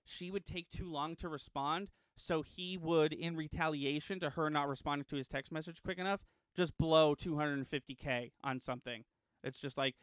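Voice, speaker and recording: Chatty man telling a story, smooth voice. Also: fairly high pitch, moderate pace, hardly any pauses, no room sound, clean studio sound. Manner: animated storytelling, frequent ums and restarts. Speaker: podcast co-host. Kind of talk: casual podcast chat.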